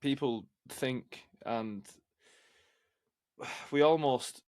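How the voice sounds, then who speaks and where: A man hosting a podcast interview, asking reflective, measured questions. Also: medium pitch, darkish tone, no echo, clean studio sound. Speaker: podcast host. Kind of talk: conversational interview.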